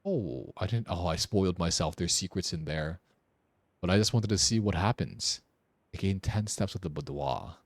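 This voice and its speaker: A man's voice: sits low, moderate pace, dry recording. A young man streaming a puzzle game, thinking aloud as he works through its clues. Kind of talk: casual gameplay commentary.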